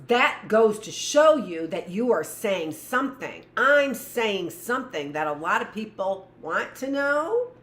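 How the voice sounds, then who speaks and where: A woman teacher leading a livestreamed lesson for young children, talking loudly and rambling through joking asides to herself. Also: lowish voice. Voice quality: loud voice. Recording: echoey room.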